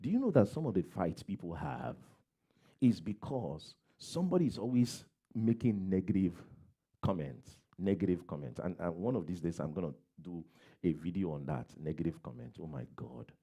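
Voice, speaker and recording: A man's voice: deep voice, animated, moderate pace, gravelly, warm tone, slightly rough. A man preaching a sermon as a pastor, giving plain advice, repeating key phrases and acting out everyday quotes.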